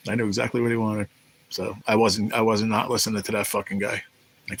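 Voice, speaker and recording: A man's voice: lowish voice, little pitch movement, a little fast, husky, rough recording. A man hosting a live stream, chatting casually with viewers, telling rambling, profane stories about his days as a restaurant cook. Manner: rambling, profane, reads chat aloud. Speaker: livestream host. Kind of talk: casual live chat storytelling.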